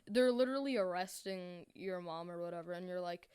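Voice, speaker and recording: A woman's voice: on the low side, fairly even intonation, brisk, hardly any pauses, a little mellow, smooth. A woman hosting a reaction video, talking in a mocking, exasperated, rambling way. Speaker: commentary video host. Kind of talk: sarcastic reaction commentary.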